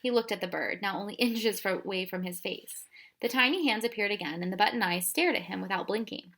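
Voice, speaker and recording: A woman reading a children's storybook aloud in a soft, even voice. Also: mid-range voice, fairly quick. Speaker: audiobook reader. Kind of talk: storybook narration.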